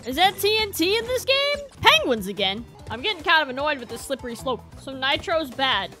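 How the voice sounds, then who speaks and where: A woman giving excitable let's play commentary, joking at the game and letting out loud shrieks as she plays. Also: high voice, fairly quick. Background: game music.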